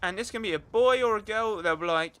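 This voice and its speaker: A young man ranting in an animated, exasperated way over gameplay as the host of his gaming channel. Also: sits high, fairly quick, clear, resonant tone.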